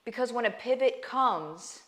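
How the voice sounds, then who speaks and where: A woman's voice: on the high side, expressive, unhurried, fairly bright tone. A woman vlogger giving an earnest, emphatic faith talk straight to her viewers, often asking "right?" and calling them "guys.". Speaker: online business coach and vlogger. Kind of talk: heartfelt faith talk to camera.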